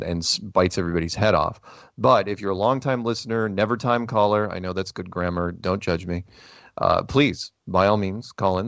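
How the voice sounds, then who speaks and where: A man's voice: fairly low pitch, creaky, dry recording. A man hosting a call-in show, rambling in a casual, joking, self-deprecating way. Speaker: radio call-in show host. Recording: dry, dull lo-fi audio.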